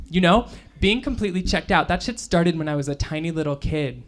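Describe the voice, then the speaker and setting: A woman's voice: lowish voice, expressive, fairly quick, few pauses. A woman author reading her own novel aloud at a bookstore, in a casual, profane, conversational first-person voice. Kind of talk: live fiction reading.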